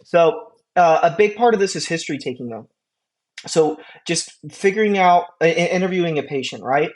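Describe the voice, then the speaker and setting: A young man lecturing an EMT class, animated and conversational, often checking in with the students. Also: on the high side, normal speed. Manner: animated, asks the class rhetorical questions and checks in with okay. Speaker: EMT instructor.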